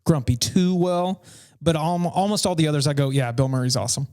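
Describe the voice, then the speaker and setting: A man co-hosting a podcast in casual chat, eager and quick to agree, sharing picks with enthusiasm. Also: a little high, steady tone, warm tone, smooth, faint music behind. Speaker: podcast co-host.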